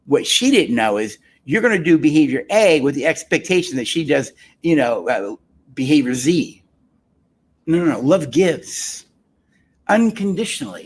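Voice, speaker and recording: A man's voice: on the high side, breathy edge. A man, a psychologist and therapist, giving an emphatic teaching talk on love and marriage, repeating key phrases and asking rhetorical questions.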